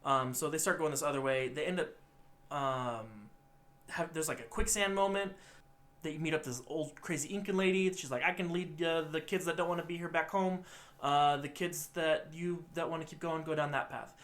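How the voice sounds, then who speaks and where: A young man co-hosting a podcast, retelling a film's plot in a rambling, animated way and acting out the characters' lines. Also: on the high side, normal speed. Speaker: podcast co-host. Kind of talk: casual movie recap.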